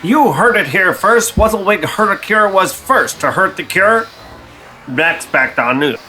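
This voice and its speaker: A young man delivering absurdist comedy monologues in a deadpan, rambling way. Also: sits high, measured pace, faint music behind. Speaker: comedy sketch creator.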